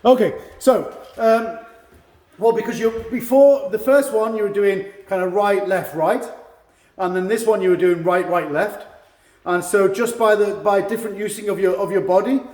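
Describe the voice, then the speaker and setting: A man's voice: high voice, normal speed, darkish tone, roomy sound. A man, a karate instructor, teaching an online seminar over a video call, encouraging and checking understanding with frequent "yeah?".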